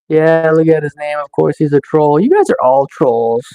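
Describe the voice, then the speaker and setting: A man's voice: fairly high pitch, sing-song, normal speed, hardly any pauses, dark tone. A man live-streaming in a casual chat, teasing and taunting the trolls in his chat with sarcastic mock-tough boasts.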